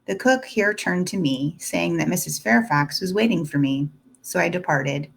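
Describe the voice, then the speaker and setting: A woman reading a classic novel aloud in the first person, steady and deliberate. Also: fairly low pitch, vocal fry, slight background noise. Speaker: audiobook narrator. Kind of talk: scripted narration of a classic novel.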